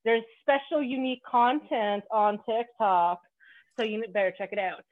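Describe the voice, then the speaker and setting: Upbeat woman podcast host from Canada, fairly high voice, loose and joking, cheerfully profane, tinny narrow line. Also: moderate pace. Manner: bubbly, joking, swears freely. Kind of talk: casual podcast chat. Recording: phone-like narrow band.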